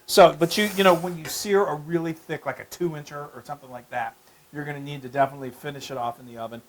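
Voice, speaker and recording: Enthusiastic man cooking, slightly high voice. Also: fairly even intonation, fast talker, slight background noise. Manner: enthusiastic, gushing about smells. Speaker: cooking show host, cook. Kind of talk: casual cooking demonstration.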